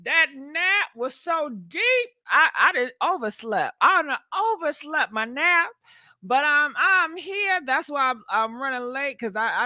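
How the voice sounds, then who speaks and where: Sassy woman gossip host, high bright voice, dry close sound, chatty with viewers. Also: no room sound. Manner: laughs often. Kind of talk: casual live-stream gossip chat.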